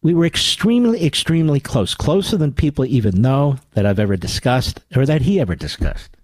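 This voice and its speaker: A man's voice: medium pitch, very animated, brisk, a little mellow, no echo. A man hosting a radio talk show, giving combative political commentary, sarcastic and indignant, often climbing into pointed rhetorical questions on a studio mic.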